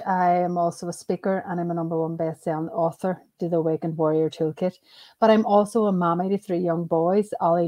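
A Northern Irish woman in her thirties, a mindset coach talking cheerfully as a podcast guest. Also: lowish voice. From Northern Ireland. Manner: warm, cheerful, laughs easily. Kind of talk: conversational interview.

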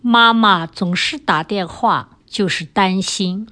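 An older woman, the host's mother and a grandmother, who reads example sentences for a language lesson in a clear, careful voice. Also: medium pitch, slow pace, bright, forceful tone. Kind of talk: slow, clear example reading.

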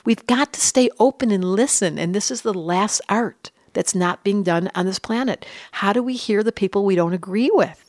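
Animated storytelling woman, dry close sound. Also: medium pitch, normal speed, few pauses, no room sound. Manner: animated storyteller, acts out quotes, drops to whispers. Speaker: astrologer and psychologist guest. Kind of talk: casual interview chat.

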